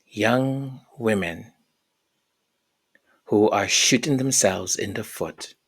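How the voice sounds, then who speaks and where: A woman royal commentary vlogger delivers an opinionated rant, scornful and emphatic, repeating herself and tripping over her words. Her voice is rumbling and low, slow, with a breathy edge.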